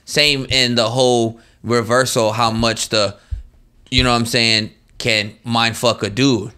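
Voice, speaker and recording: Man co-host, bright and tense, slangy, soft Rs. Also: mid-range voice, flat delivery, a little slow, clear, resonant tone. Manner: slangy, trouble saying his Rs. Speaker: podcast co-host. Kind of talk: casual chat.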